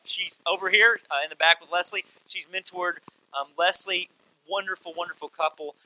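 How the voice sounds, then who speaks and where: A man's voice: fairly high pitch, pushed and bright, poor audio. A man, a pastor, introducing a guest preacher to his church with earnest praise for his mentor. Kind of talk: sermon introduction.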